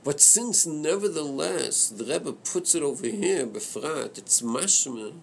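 A man leading a study class on a Chassidic text, thinking aloud in a hesitant, halting way that repeats words. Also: a little high, animated, creaky, slight background noise. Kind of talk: Torah study class discussion.

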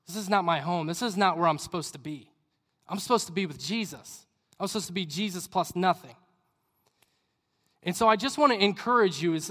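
A young man delivers a sermon in a casual, conversational way. His voice sits high and light, and it often falls to a hushed aside. A long reverb from the hall trails each phrase. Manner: conversational, acts out inner questions, drops to quiet asides. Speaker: youth pastor.

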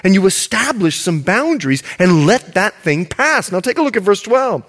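Animated preacher with a high, lively voice. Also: male voice. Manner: animated, reads scripture slowly and softly, addresses the congregation directly. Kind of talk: sermon.

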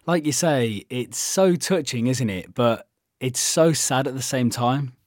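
An interviewer asking questions in a gentle, sympathetic manner. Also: medium pitch, measured pace, no room sound, clean studio sound.

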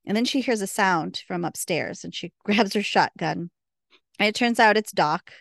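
A woman's voice: medium pitch, moderate pace, vocal fry, a bit bright, no echo, studio quality. A woman co-hosting a podcast, chatting casually and recounting scenes with quoted dialogue. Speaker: podcast co-host. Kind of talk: casual recap chat.

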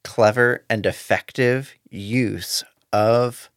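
Co-host, man, slow and measured, thoughtful, dry close recording. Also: medium pitch, fairly even intonation, clean tone, no room sound. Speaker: podcast co-host. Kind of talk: casual book discussion.

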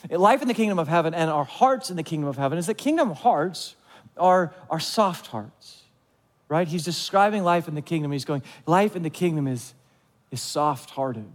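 Man preaching, conversational, high voice, long hall echo. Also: expressive, normal speed. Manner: conversational, questioning the listeners directly; acts out short voiced asides. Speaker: pastor. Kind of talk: sermon.

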